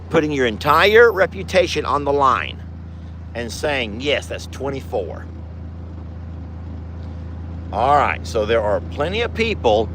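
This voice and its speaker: A man's voice: medium pitch, fairly bright tone, a little hiss or hum. A man, a ranch owner vlogging outdoors from a side-by-side and sweet-talking his animals. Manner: doting, talks baby talk to animals. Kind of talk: casual vlog narration.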